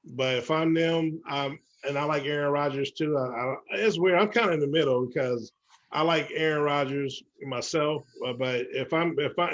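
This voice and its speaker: Mid-pitched male sports pod co-host, animated and repetitive in his argument. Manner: animated, repeats himself for emphasis. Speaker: podcast co-host. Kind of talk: casual sports debate.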